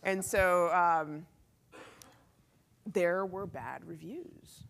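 A man's voice: high voice, very slow, vocal fry, a little hiss or hum. A man speaking as a company CEO in a conference talk before a live audience, telling stories animatedly and acting out the dialogue. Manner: animated storytelling, acts out quoted dialogue, laughs often.

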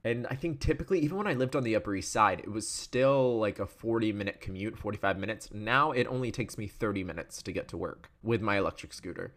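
A man's voice: lowish voice, fast talker, few pauses. Rambling young man telling a story. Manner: rambling, animated storyteller with many fillers. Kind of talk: casual chat.

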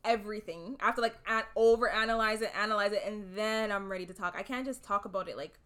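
A woman in her thirties in a casual couples chat, chiming in with quick, playful interjections. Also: mid-range voice, fairly bright tone.

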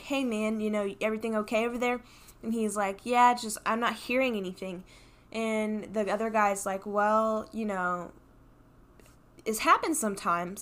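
A woman co-hosting a comedy podcast, recapping a film in a casual, animated way with lots of fillers. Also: mid-range voice. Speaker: podcast co-host. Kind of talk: casual stoner movie recap.

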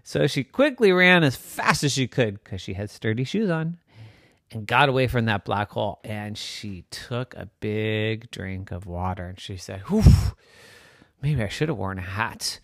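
Playful gravelly man telling a bedtime story. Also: lowish voice, animated, unhurried, a bit bright, no echo, studio quality. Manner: playful, swinging sing-song delivery. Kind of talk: improvised bedtime story narration.

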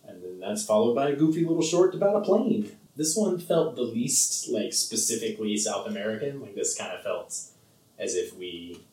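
A man's voice: on the low side, expressive, normal speed, dark tone, far from the mic. A man co-hosting a podcast, rambling casually about a film with lots of fillers and laughs. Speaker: podcast co-host. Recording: roomy sound from off the mic.

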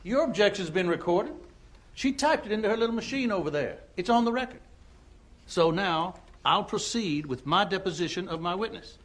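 An actor playing a combative Southern trial lawyer in a film drama, with a heavy drawl and a scornful, booming delivery. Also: male voice, expressive, normal speed, fairly bright tone. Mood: insistent. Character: forceful middle-aged Southern male trial lawyer, combative.

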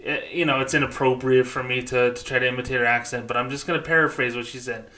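A man's voice: mid-range voice, steady tone, fast, sharp tone. A man delivering a casual ranting monologue as a former bank employee, blunt and profane, often stopping to say "okay?". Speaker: former bank employee turned customer advocate.

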